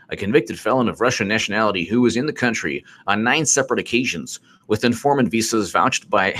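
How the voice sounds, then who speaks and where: A man's voice: on the low side, fairly bright tone. A man hosting casual political commentary on a live stream, repetitive and sarcastic, often exasperated.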